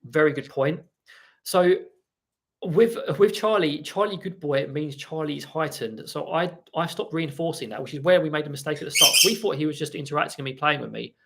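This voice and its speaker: A man hosting a casual live stream about parrot training, chatty and rambling as he reads viewer comments and talks softly to his birds at home. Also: a little high, a little fast, gravelly, breathy edge.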